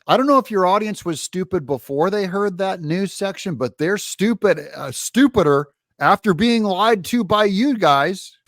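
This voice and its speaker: A man's voice: sits high, lively intonation, moderate pace, few pauses, a bit bright, no echo, studio quality. A man hosting political commentary, mocking and sarcastically rebutting news clips.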